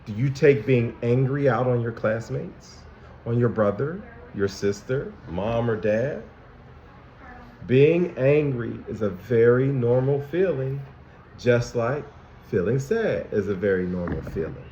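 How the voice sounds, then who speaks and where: A school counselor, a man, teaches feelings to kindergartners with a very lively, up-and-down voice and an unhurried pace, asking them question after question. The sound is a bit dull and echoey, with a faint hiss. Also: medium pitch. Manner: animated, asks children many questions. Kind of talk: lesson for young children. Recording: dull, echoey room recording.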